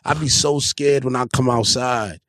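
A man hosting a podcast, telling stories in an animated, joking way. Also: mid-range voice, moderate pace, dry recording. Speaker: podcast host. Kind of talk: casual interview banter.

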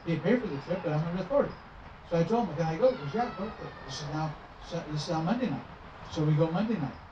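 A man's voice: on the high side, fast. A middle-aged man, a traveling minister, telling stories in a sermon and acting out the dialogue. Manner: animated storytelling, acting out dialogue. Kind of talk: sermon storytelling. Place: church sanctuary. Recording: roomy, distant, muffled with noise.

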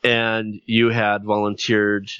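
A man with a low voice hosts a casual podcast interview, speaking plainly with small hesitations. The sound is dry, close, and a little dull. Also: monotone, slow, a bit bright, clean tone, no room sound. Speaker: podcast network host.

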